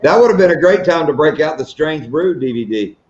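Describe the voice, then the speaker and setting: A man's voice: on the high side, animated, a little fast, darkish tone. A man co-hosting a live stream, trading teasing jokes in casual chat. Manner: joking, teasing banter. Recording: echoey, dull lo-fi sound.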